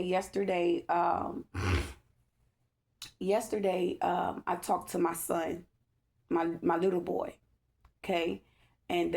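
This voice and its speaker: Earnest woman tarot reader, gravelly lower voice, rambles and keeps checking in with her listeners. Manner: rambling, checks in with repeated "okay?"; earnest, emotional. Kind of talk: casual spiritual tarot reading.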